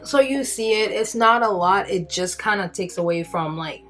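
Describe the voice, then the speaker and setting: A woman's voice: mid-range voice, animated, normal speed, a bit bright, faint music behind. A woman chatting casually as she walks through her makeup routine, rambling, self-deprecating, full of fillers. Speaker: beauty vlogger. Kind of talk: casual makeup tutorial chat.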